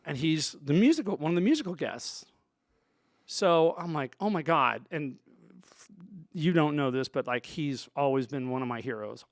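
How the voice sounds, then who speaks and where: A man's voice: mid-range voice, no echo, studio quality. A man, a sound engineer, telling stories from his work in a loose, rambling way full of asides. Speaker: sound engineer, show guest. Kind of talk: storytelling in a conversation.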